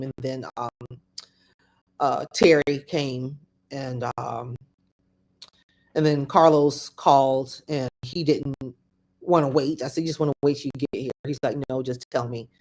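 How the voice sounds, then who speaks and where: Middle-aged woman podcaster telling her own story, halting, lots of restarts and ums, quotes what people said. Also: low-pitched. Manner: halting, with many restarts and fillers; acts out other people's words in quoted asides. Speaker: podcast host. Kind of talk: personal storytelling monologue.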